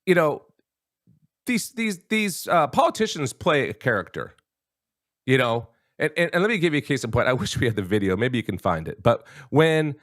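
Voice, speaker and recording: Very animated at a moderate pace, this host speaks in a mid-range, fairly bright voice, emphatically giving his opinion and calling his listeners folks. He restarts many times, and the recording is dry and studio quality.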